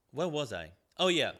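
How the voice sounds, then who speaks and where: Bright-voiced man ranting in a sarcastic review. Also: fairly high pitch. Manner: sarcastic, profane, rambling with many fillers. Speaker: podcast movie reviewer.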